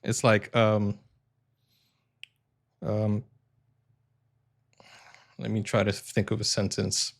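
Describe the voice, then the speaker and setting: A man's voice: on the low side, completely flat delivery, extremely slow, vocal fry, pauses often. A man who is an English teacher and a native Portuguese speaker, chatting casually and hesitantly as a reaction video host. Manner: chatty, hesitant, many ums and self-corrections.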